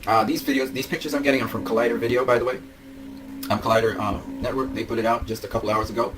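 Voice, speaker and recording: A man's voice: lowish voice, fairly even intonation, rapid-fire, music in the background, low-quality recording. A young man gushing over collectible figures in a vlog, laughing and repeating himself as he talks. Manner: gushing, breaks into laughs and shouts. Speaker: vlogger. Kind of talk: excited toy-collector commentary.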